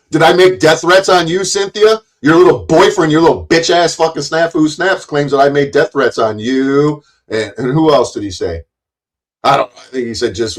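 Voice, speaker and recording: This middle-aged man has a mid-range voice, captured on a low-quality recording. Speaking to the camera as a YouTube commentator, he delivers a furious, profane rant, goading his targets, cursing constantly and tripping over repeated words as he starts again.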